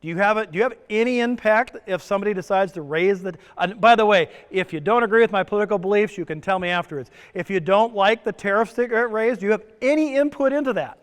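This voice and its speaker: A male presenter with a high voice jokes and throws questions at the audience during a conference talk at a stress summit, held in a resort conference room. He talks fast with few pauses, in a clear, resonant tone. The long reverb of a conference hall colours the recording.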